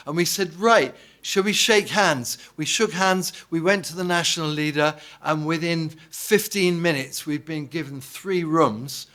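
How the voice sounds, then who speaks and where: A man from England preaching a relaxed, story-driven sermon, his voice sitting a touch above the usual male pitch. He acts out the people in his stories and keeps checking in with the congregation. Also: unhurried, few pauses. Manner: anecdotal, conversational, asks the congregation "yeah?"; acts out quoted dialogue. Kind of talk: informal sermon.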